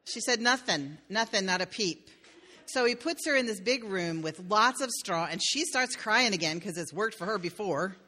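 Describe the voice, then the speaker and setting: A woman's voice: mid-range voice, animated, normal speed, sharp tone. A woman pastor telling a fairy tale in a sermon, with playful asides to the listeners.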